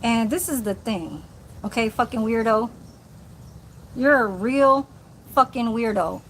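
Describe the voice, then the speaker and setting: On her live stream, a woman delivers an angry, profane rant, confronting someone head-on. Her voice is a little high and a bit bright, her pace measured, with slight background noise.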